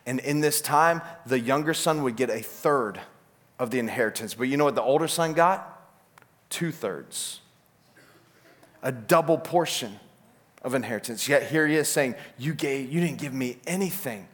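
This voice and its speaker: A man preaching a sermon as pastor, animated and acting out the voices he quotes. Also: medium pitch, normal speed, long pauses.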